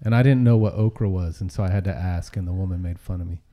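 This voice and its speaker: A man's voice: deep voice, fast, dark tone, slight background noise. A man co-hosting a casual podcast, telling laid-back anecdotes with many fillers.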